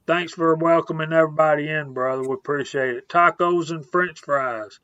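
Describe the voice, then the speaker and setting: A man's voice: on the high side, fairly even intonation, moderate pace, a bit bright, no echo, highs cut off. A man hosting a casual live stream, laid-back, reading out viewers' names one after another.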